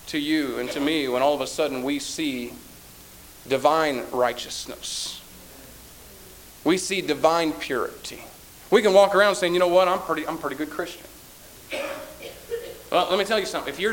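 A pastor with a high voice delivers a sermon. He moves between quiet, confiding asides and loud, shouted appeals. He uses a homespun, folksy manner and acts out everyday people's voices. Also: a little hiss or hum, rough recording. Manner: emphatic, swings from quiet to shouting.

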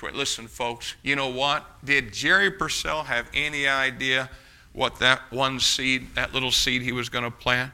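A man's voice: medium pitch, little pitch movement, unhurried, pushed and bright, smooth. A man preaching, telling a folksy personal story and urging his congregation on. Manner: folksy storytelling, rises to fervent exhortation. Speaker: pastor. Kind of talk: sermon with storytelling.

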